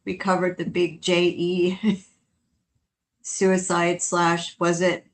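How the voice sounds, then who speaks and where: A woman co-hosting a paranormal podcast in loose, casual conversation. She has a slightly low voice, laughs often and drifts into quick asides. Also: completely flat delivery. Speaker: podcast co-host.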